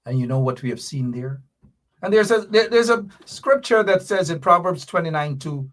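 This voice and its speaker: A man's voice: a little high, expressive, normal speed, fairly bright tone. A man hosting a political commentary livestream, talking in an emphatic, indignant way and repeating his points. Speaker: host.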